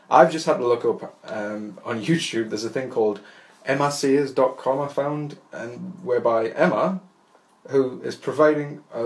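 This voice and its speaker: A man with a fairly low voice talks on his own podcast in a loose, rambling way. He is wry and self-deprecating, trips over his words and restarts often. The talk is casual and jokey before he settles into reading aloud. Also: darkish tone, low-quality recording. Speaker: podcast host. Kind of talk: rambling solo podcast monologue.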